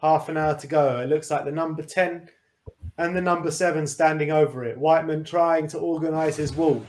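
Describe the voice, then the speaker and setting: Relaxed football fan, slightly high voice. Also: male voice, brisk. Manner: relaxed, commenting on the match as it happens. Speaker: fan co-host. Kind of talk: casual football watch-along chat.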